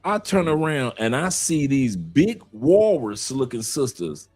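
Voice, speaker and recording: A man from Detroit, a guest in a casual live chat, telling stories in an animated way and laughing often. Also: medium pitch, a little slow, slightly rough, faint music behind. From Detroit, USA.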